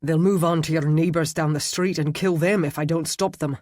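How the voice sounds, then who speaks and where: A man's voice: on the high side, steady tone, moderate pace, a little mellow, dry recording, natural voice. Man playing a grim immortal warrior, commanding and clipped, dry close voice. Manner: curt, commanding.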